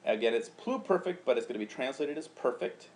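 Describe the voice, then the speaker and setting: A man's voice: mid-range voice, expressive, brisk, a little hiss or hum. A man teaching, explaining grammar patiently and chanting out rhythms syllable by syllable. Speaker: Latin teacher. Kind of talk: recorded lecture.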